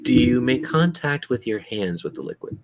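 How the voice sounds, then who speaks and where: A man's voice: medium pitch, big pitch swings, normal speed, soft background music. A man narrating a tabletop game as game master, with dramatic, descriptive narration at an uneven pace.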